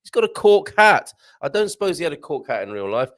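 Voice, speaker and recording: Man, easygoing live-stream host, animated delivery, reads chat aloud. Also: a little high. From Britain. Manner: chatty, rambling, chuckles often, reads comments aloud, tries Portuguese phrases slowly. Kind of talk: casual live-stream chat reading viewer comments. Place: home studio with green screen.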